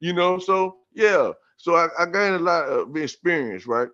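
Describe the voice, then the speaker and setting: A man on a podcast telling a story about scripture in a casual, profane, streetwise way, getting animated and repeating himself. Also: a little high, moderate pace. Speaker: podcast guest. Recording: dull lo-fi sound.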